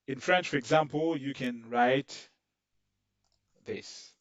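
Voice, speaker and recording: A man's voice: mid-range voice, takes it slowly, no room sound, distant mic, dull audio. A man teaching a screen-recorded coding lesson, explaining patiently and checking in with "okay" along the way. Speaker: coding tutorial instructor.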